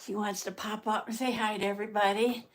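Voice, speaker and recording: A woman's voice: medium pitch, level tone, fast. An older woman from Southern Indiana hosting a casual live art stream, greeting viewers by name and laughing often.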